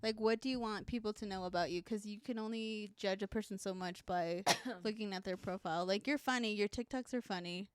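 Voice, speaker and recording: A woman's voice: medium pitch, brisk, few pauses, clean tone, no room sound. A young adult woman co-hosting a podcast, teasing and blunt, swearing and laughing in casual chat. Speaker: podcast co-host.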